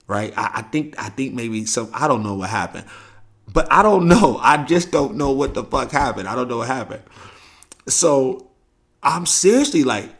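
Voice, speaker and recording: A mid-pitched man with a St. hosts a podcast and tells stories casually and profanely. His pitch swings widely as he acts out the people he quotes. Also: slightly rough. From St. Louis, USA. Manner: animated, profane storytelling with quoted voices and laughs. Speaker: podcast host. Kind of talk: casual storytelling.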